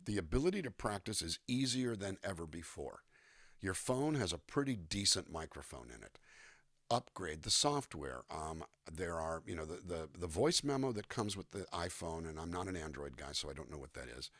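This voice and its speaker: A man's voice: sits low, animated, moderate pace, fairly bright tone, dry recording, studio quality. A man who works as a voice actor and musician, talking in an interview and demonstrating line readings. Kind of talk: conversational interview.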